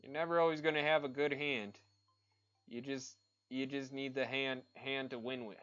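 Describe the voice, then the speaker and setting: A man's voice: mid-range voice, fairly even intonation, normal speed, fairly bright tone, clear, resonant tone, lo-fi sound. A man chatting casually while he paints on a livestream, ranting and swearing freely as he rambles from one opinion to the next.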